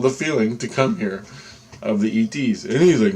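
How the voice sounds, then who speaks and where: A man tells a personal story in a loose, rambling way, full of restarts and fillers. His voice sits on the low side. He acts out what others said as he goes. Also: brisk, mellow, husky. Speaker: vlogger telling personal experiences. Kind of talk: casual storytelling.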